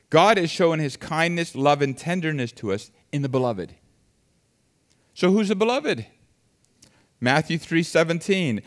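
A man preaching a sermon, reading scripture and explaining it in an animated way that swings between soft and loud. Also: a little high.

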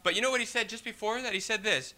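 A man preaching a sermon in an animated, rhetorical way, often asking the congregation "right?" and reading scripture in old-fashioned wording. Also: high voice, fast talker. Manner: reads scripture in King James wording.

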